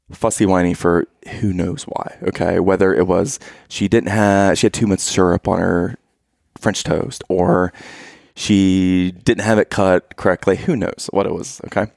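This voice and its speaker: A man's voice: deep voice, vocal fry, dry recording, clean studio sound. A man in his thirties telling a playful, teasing family story to his listeners. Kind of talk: casual storytelling to camera.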